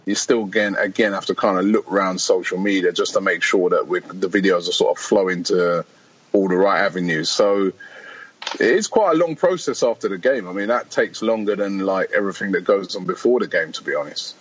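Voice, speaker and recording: This man, a fan channel founder appearing as a podcast guest, speaks low and fairly quickly in a husky voice, and the recording sounds muffled. He rambles through anecdotes in easy conversation, quoting others and laughing a lot.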